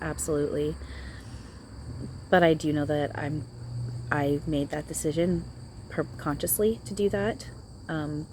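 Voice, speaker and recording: A woman's voice: sits low, darkish tone, a little hiss or hum. A woman talking outdoors in a channeling vlog, hesitant and reassuring, often repeating herself. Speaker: spiritual channeler.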